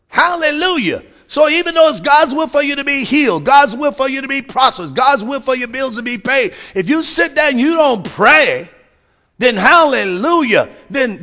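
A man preaching a fervent sermon, shouting his points and calling out hallelujahs. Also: extremely high pitch.

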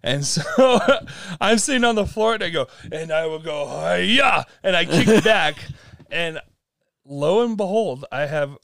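Animated young man telling a story. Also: fairly high pitch, unhurried, no echo, clean studio sound. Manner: animated storytelling with laughs and acted-out quotes. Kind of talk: casual chat.

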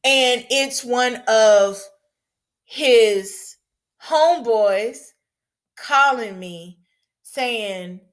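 A woman telling a personal story candidly, dropping to hushed pauses and breaking into raised outbursts. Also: fairly high pitch.

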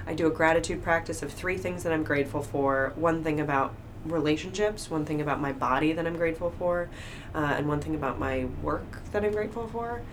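A woman talking openly in a casual conversation, telling personal stories with lively acted-out quotes. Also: low-pitched, a little fast. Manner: open, animated storytelling with acted-out quotes. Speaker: guest. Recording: faint background noise.

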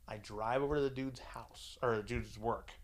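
A man of middle pitch hosting a loose, casual chat. He tells his story bluntly and crudely, swears freely, and voices each person in the story himself. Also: fairly even intonation, moderate pace. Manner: profane, crude and blunt, acts out dialogue. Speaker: podcast host.

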